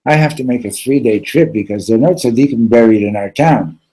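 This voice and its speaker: A sly villager, as a man telling a story puts him on, speaks in a quiet, deadpan voice with a veiled threat behind it. The tone is dark and mellow, with a husky edge. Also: close to an everyday voice, rough recording. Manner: low, slow and deadpan.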